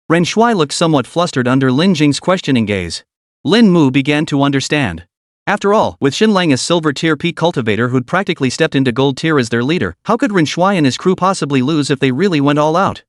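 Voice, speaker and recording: Lively man narrating a story. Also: fairly high pitch, fairly quick, dry recording, studio quality.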